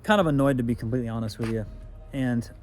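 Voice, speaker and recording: A man's voice: mid-range voice, quick pace, a little mellow. Profane, rambling man telling a car story. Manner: rambling, heavy swearing, lots of filler phrases. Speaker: car vlogger. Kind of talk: casual storytelling.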